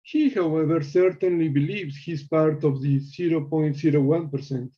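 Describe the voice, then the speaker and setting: A man calling into a show, reading measured prepared commentary with small slips. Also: fairly high pitch, fairly even intonation, mellow, lo-fi sound. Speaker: caller.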